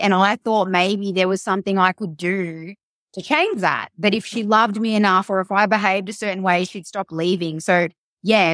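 A woman's voice: mid-range voice, fairly bright tone, no echo, clean studio sound. A woman coach giving guidance in a podcast conversation, earnest and explanatory, with frequent "like" and "you know". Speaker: mental health and performance coach, guest.

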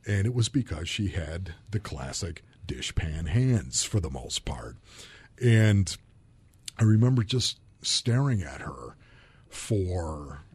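A low-pitched male voice with a breathy edge belongs to a former football player from Buffalo, New York. Appearing on a podcast, he tells personal stories candidly, sounding earnest and openly emotional.

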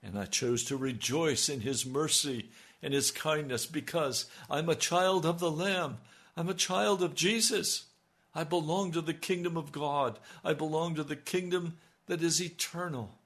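A husky, gravelly man leads a fervent radio prayer, his voice a little high for a man. He pleads and calls out with passion. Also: measured pace, fairly bright tone. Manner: fervent, rising to pleading cries. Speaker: radio preacher.

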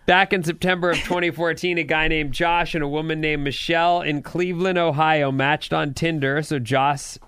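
Smooth-voiced male morning radio host. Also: a little high, steady tone, moderate pace, hardly any pauses, a bit bright, dry recording, clean studio sound. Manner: playful storyteller, laughs easily. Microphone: studio microphone.

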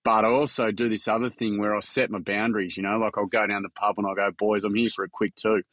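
A man's voice: lowish voice, little pitch movement, quick pace, a bit bright, no echo. A young Australian man telling his own story in a casual podcast chat, earnest and frank with some swearing. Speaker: charity founder and workshop facilitator.

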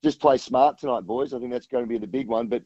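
A man's voice: medium pitch, fast talker, mellow, dry recording, dull audio. A man talking rugby as a guest on a sports radio show, rambling with many restarts. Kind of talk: casual radio chat.

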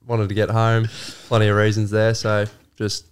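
A young man speaks in a smooth, lowish voice. He is a laid-back, understated guest cricketer who chuckles often and sounds a bit hungover. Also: completely flat delivery, moderate pace. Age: young adult. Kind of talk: casual chat.

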